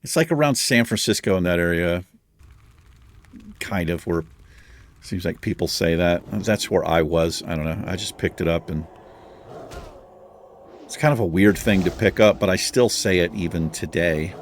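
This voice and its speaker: A man's voice: low-pitched, normal speed, pauses often, a little hiss or hum. A man hosting a gaming video, chatting casually in a rambling, meandering way while he plays. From Virginia. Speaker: gaming channel host. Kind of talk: casual chat while playing a game.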